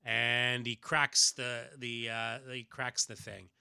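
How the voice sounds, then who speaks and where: Casual podcast host narrating a comic, bright and dry, loose with fillers. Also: male voice, mid-range voice, flat delivery, takes it slowly, gravelly, smooth, dry recording. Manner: narrates with frequent fillers and laughs. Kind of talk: casual chat and read-aloud.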